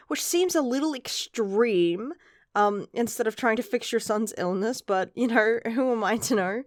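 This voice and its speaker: A woman's voice: a little high, unhurried, no room sound, clean studio sound. Chatty woman rambling through a review. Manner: chatty, rambling, swears casually. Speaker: manga reviewer. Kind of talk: casual chapter review.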